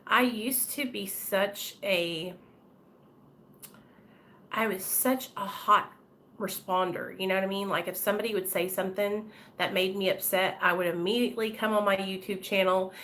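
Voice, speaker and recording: A woman's voice: medium pitch, steady tone, moderate pace, a bit bright, a little hiss or hum. A woman chatting candidly with her live-stream viewers, talking straight to commenters by name. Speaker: vlogger talking to live chat. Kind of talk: casual live-stream chat.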